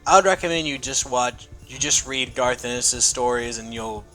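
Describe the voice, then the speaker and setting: A man's voice: mid-range voice, fairly even intonation, moderate pace, bright, forceful tone, soft background music. A young man casually reviewing a comic, rambling and swearing with enthusiasm.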